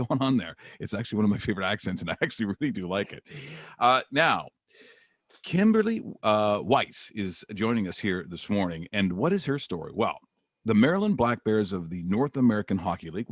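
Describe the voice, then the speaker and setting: Male sports radio host, middle-aged, lowish voice, lively rambling delivery, dry mic. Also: dry recording. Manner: rambling, animated storytelling. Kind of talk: radio interview chat.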